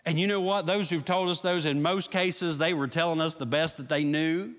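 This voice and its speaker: A man's voice: a little high, fairly even intonation, normal speed, fairly bright tone. A middle-aged man, a pastor, preaching a sermon with a story and then leading an earnest prayer. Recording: long hall reverb.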